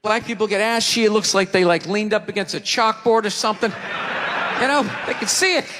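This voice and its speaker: Brief: high-voiced male stand-up comic, loud exasperated rants, live theater with crowd noise and long reverb. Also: brisk. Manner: loud, ranting, exasperated delivery. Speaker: stand-up comedian. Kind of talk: stand-up comedy set. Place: theater stage before a live audience.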